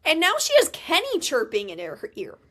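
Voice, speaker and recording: A young woman co-hosting a movie rewatch podcast, recapping scenes in animated, exasperated casual chat and swearing freely. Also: high-pitched, normal speed. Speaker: podcast co-host.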